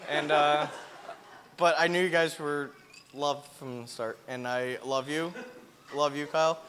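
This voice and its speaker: A man's voice: fairly high pitch, steady tone, measured pace, fairly bright tone. A young man giving an unprepared, rambling and teasing toast at his brother's wedding reception. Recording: noisy reception crowd behind.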